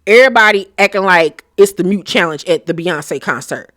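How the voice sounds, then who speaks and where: A woman recapping a reality TV episode on her channel, blunt, profane and sassy, often breaking into loud outbursts. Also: fairly low pitch, expressive, normal speed, dry recording, studio quality. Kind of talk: casual episode recap commentary.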